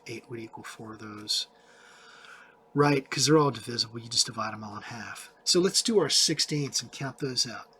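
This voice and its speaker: A man's voice: mid-range voice, normal speed, background noise. A man giving a casual music tutorial, chatting loosely and counting and singing rhythms aloud as he writes notes. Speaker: music teacher.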